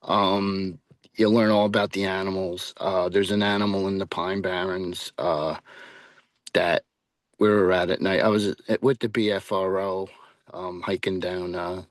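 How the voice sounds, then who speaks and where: A man's voice: low voice, little pitch movement, measured pace, dry recording. A man being interviewed as a paranormal investigator, chatting casually and rambling, with lots of fillers and restarts.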